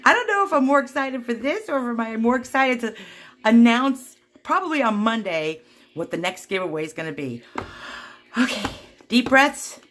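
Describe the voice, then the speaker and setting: A woman craft vlogger at home, chatting casually to viewers in a giddy, excitable, giggly way. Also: fairly high pitch, moderate pace, slight background noise. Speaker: craft vlogger hosting a giveaway.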